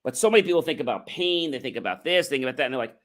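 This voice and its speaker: A man's voice: medium pitch, animated, very fast, a bit bright. An emphatic middle-aged man coaching viewers. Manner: emphatic, coaching delivery with rhetorical questions and acted-out example dialogue. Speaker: motivational livestream host. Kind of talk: motivational talk to viewers.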